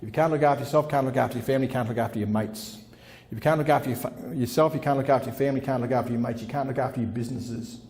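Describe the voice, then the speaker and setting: In a large conference room holding around 400 people, a middle-aged consultant's keynote comes across blunt and motivational, full of repeated lines and the word "folks." His mid-range voice is a little mellow, fairly even in intonation, and rapid-fire, and the hall adds a long reverb.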